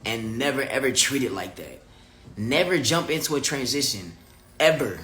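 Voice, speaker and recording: A man's voice: mid-range voice, expressive, normal speed, sharp tone, echoey room. A man livestreaming casual chat to his viewers and reading their comments, candid, profane and emphatic. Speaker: vlogger talking live to viewers.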